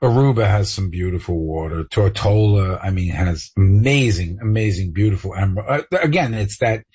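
A man's voice: on the low side, normal speed, darkish tone, slightly rough, dull audio. A man co-hosting a radio talk show, trading teasing quips with his partner and laughing often. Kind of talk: casual radio banter.

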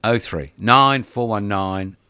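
A man hosting community radio, joking and teasing his co-host with loud bursts. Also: lowish voice, slow, clean tone, no echo.

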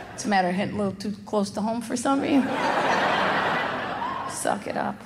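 High-voiced brash woman comic in a hall. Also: normal speed, pauses often. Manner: brash, sarcastic punchlines. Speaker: stand-up comedian. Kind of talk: stand-up comedy set. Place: comedy club stage. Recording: echoey hall, crowd noise. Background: audience laughter.

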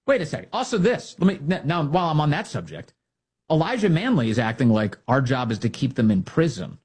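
A man's voice: medium pitch, a little mellow, slightly rough. A male talk show host giving a sarcastic, combative opinion monologue with mocking asides.

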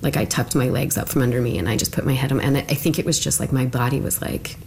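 Very deep-voiced woman telling her story. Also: steady tone, fast, creaky, a little mellow, a little hiss or hum. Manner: chatty, full of "like", drops to whispers for remembered thoughts. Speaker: interviewee. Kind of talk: casual personal storytelling.

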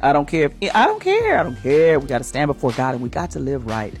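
A woman's voice: a bass voice, fast, darkish tone, soft background music. A woman hosting a morning radio show, giving an emphatic, preachy inspirational talk in a sermon style. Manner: preachy, emphatic, acts out quoted voices.

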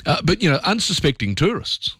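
A man's voice: a little high, very animated, a little fast, a bit bright, slightly rough, dry recording, studio quality. An Australian man hosting talkback radio, talking through his opinions in a conversational, opinionated way with plenty of fillers.

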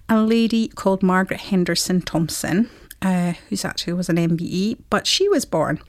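A woman hosts a casual radio history segment in a slightly low voice. She is chatty and unpolished, leaning on ums and quick self-corrections. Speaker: radio presenter.

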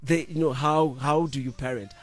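A middle-aged man, co-hosting a morning radio show in easy, animated chat from a studio. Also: medium pitch, moderate pace, soft background music. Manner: animated, laughs easily, restarts and fillers. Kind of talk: casual breakfast radio chat.

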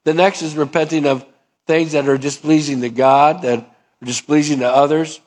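A man's voice: on the high side, steady tone, moderate pace, darkish tone. A male pastor preaching a sermon in a conversational way, acting out both sides of little dialogues.

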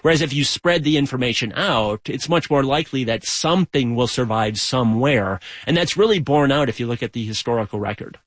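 A male author guest in a radio interview explains his ideas in a relaxed, conversational way. His voice sits at a middle pitch and sounds dry and close to the mic. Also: fairly quick, hardly any pauses, dry recording.

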